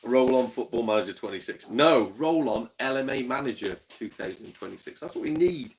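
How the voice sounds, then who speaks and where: A man's voice: mid-range voice, lively intonation, a little fast. A man chatting casually to livestream viewers, rambling, swearing freely and chuckling between rants. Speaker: game collector streamer.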